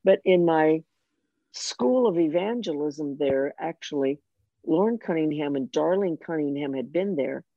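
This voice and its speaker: An older woman telling a personal faith story in conversation, animated and self-mocking, with frequent restarts. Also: sits low, measured pace, dry recording, highs cut off. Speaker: guest sharing her testimony.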